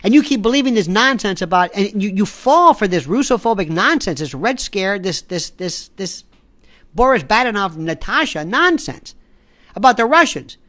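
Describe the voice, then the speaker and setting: This man's political commentary is an exasperated, impassioned rant aimed right at the viewer as he browses online. He speaks animatedly at a moderate pace in a high, somewhat bright voice, often stumbling and restarting.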